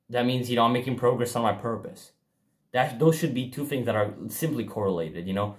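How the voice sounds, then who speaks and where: A man's voice: medium pitch, fairly quick. A young man giving a casual motivational monologue, blunt and profane, talking emphatically with frequent restarts. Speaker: self-improvement vlogger.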